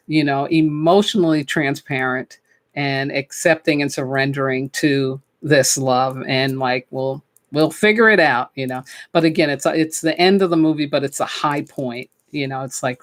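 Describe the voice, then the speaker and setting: A woman hosting a spiritual talk show, chatting casually and enthusiastically about films, with frequent fillers. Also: low-pitched. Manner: enthusiastic, chatty, with many fillers and "you know". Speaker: podcast host and spiritual teacher. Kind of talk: casual spoken film commentary.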